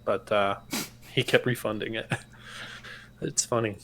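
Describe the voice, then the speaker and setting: A man's voice: on the low side, measured pace, fairly bright tone. A man chatting casually on a friend's stream, easygoing, chuckling often and telling little anecdotes.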